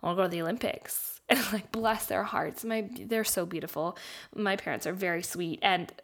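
A woman's voice: fairly low pitch, normal speed, vocal fry, fairly bright tone. A young woman from Canada, a podcast host, telling her life story casually with laughter and the odd swear. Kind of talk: personal storytelling.

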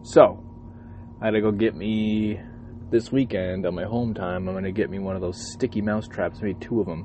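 A truck driver with a low, darkish voice talks casually in a vlog monologue from his parked cab at a truck stop, ranting profanely with lots of energy over slight background noise.

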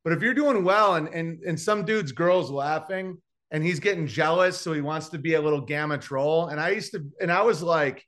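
Comedian guy rambling through stories, brash, voice kinda on the high side. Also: moderate pace, hardly any pauses, a bit bright. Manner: brash, rambling storyteller with many fillers. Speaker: comedian guest. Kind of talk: casual podcast chat.

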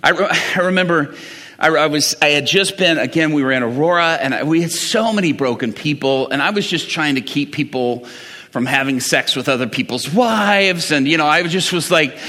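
A middle-aged male pastor preaches in a lively, conversational way, his high voice leaping up and down. His tone is bright and forceful. The sound carries a long echo from a large church hall. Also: normal speed. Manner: animated, conversational storytelling with laughs. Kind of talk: sermon. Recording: reverberant hall.

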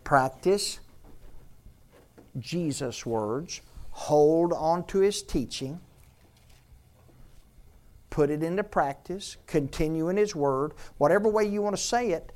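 A man's voice: a little high, animated, darkish tone. Joking older male pastor preaching. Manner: conversational, joking, rapid-fire rhetorical questions. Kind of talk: sermon.

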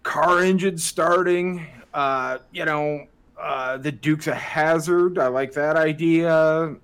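Man, podcast co-host, slightly high voice, enthusiastic riffing, casual filler-heavy talk. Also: steady tone, slow, fairly bright tone, clear, resonant tone. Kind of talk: casual chat.

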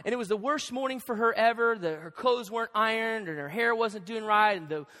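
A young male pastor preaches with a very high, bright voice, joking as he tells stories. His sermon rings through a large hall with long reverb. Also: a little fast. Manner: joking, animated storytelling. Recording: echoey church hall.

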